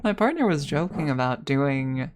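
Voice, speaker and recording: A woman's voice: low voice, very animated, moderate pace, background noise. A young woman ASMR streamer sharing frank opinions in a casual, musing monologue full of tag questions.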